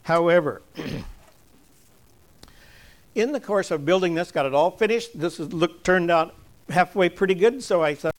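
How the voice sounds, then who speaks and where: An older man with a slightly high voice talks to a church gathering in a homespun, storytelling way. He chuckles between points and drops to a soft, slow delivery when he turns earnest. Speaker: church speaker giving an object lesson. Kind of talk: folksy object-lesson talk to a congregation.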